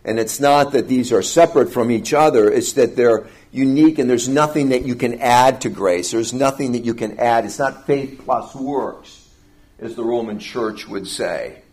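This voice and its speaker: A male preacher walks through scripture in an expository teaching style. His delivery is emphatic, climbing on key phrases and then dropping back. He slows down deliberately to press each point home. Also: mid-range voice, a little mellow. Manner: emphatic, rising and falling delivery with deliberate slowing on key words.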